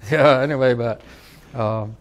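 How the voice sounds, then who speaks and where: An older man from California, a tribal elder, telling his life story in a rambling oral-history interview, often saying "you know". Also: mid-range voice. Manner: rambling, leans on "you know", acts out quoted voices.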